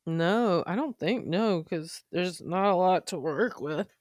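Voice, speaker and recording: A woman co-hosting a comedy podcast, telling stories in an animated way and laughing often. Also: fairly low pitch, takes it slowly, no echo, clean studio sound. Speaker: podcast co-host. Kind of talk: casual comedic chat. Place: podcast studio.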